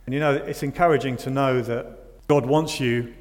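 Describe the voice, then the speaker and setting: A man preaches a sermon conversationally, frequently posing rhetorical questions to his listeners. His medium-pitched voice is fairly even and at normal speed, with the long reverb of a hall.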